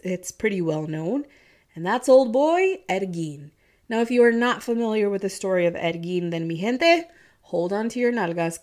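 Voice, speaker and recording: A woman's voice: medium pitch, darkish tone. A woman with a Midwestern accent blended with a Southern twang, telling a true-crime story in a chatty, casual way, swearing and laughing often. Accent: Midwestern American with a Southern twang.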